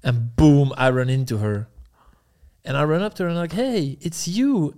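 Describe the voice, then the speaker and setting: A man's voice: mid-range voice, lively intonation, a little fast, darkish tone, smooth. A young man as a podcast guest, telling a long story in a casual, laid-back way, swearing freely and acting out what people said.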